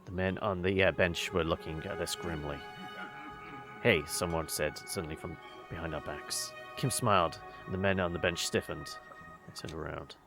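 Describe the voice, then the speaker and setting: A man reading a visual novel aloud, halting, with many fillers and self-corrections. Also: deep voice, steady tone, fairly bright tone, soft background music. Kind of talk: reading game text aloud with asides.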